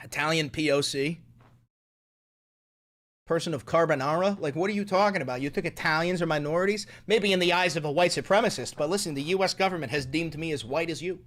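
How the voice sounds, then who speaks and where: An American man doing live stand-up comedy on stage, with brash, crude and excitable rants. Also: on the high side, brisk. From United States.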